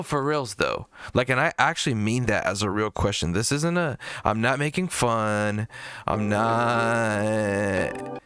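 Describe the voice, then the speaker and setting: A man's voice: on the low side, vocal fry, a bit bright, clean tone, no room sound, clean studio sound. Profane rambling man on a livestream. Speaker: music review streamer. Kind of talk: casual livestream chat.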